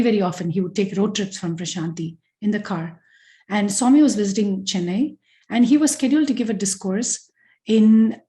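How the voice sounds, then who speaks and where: A woman giving a devotional talk, telling stories earnestly and expressively at a quick pace. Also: medium pitch, low-quality recording. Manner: earnest and expressive, quick narration with acted quotes. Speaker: spiritual speaker.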